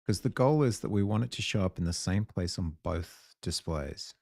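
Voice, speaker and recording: A man's voice: low-pitched, lively intonation, moderate pace, vocal fry, a little mellow, no room sound, studio quality. A man in his forties with a New Zealand accent, musing aloud as he codes on a live stream and chats with viewers. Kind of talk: casual thinking-aloud coding stream.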